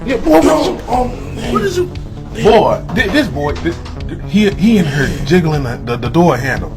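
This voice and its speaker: A loud, scolding grown man barks at a kid, stammering as he yells, as a man puts him on. The voice sits high and swings widely. Music plays underneath. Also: very animated, normal speed.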